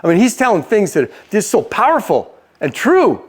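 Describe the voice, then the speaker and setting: Male preacher: high voice, chatty storytelling delivery. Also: huge pitch swings, moderate pace, slightly rough. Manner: conversational, asks the audience questions. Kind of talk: storytelling sermon.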